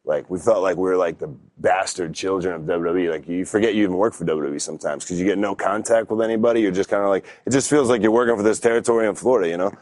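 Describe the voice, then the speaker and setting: A low, deep-voiced man in his thirties spins a long story in a relaxed, meandering way. He keeps starting over and piling up fillers. The sound is dry and close. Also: rapid-fire, few pauses, no echo. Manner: laid-back, rambling, lots of fillers and restarts. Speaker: wrestler, podcast guest. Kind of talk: casual storytelling interview.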